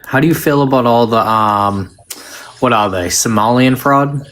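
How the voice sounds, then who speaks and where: A man's voice: medium pitch, moderate pace, fairly bright tone, slight background noise. A man calling into a casual political debate, teasing and trying to provoke the other side. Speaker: debate caller.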